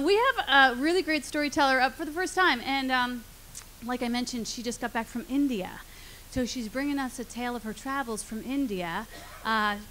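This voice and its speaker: A woman's voice: fairly high pitch, pushed and bright, a little hiss or hum. A woman hosting a live storytelling show, chatty with laughing asides, introducing the next teller. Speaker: host. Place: live venue stage.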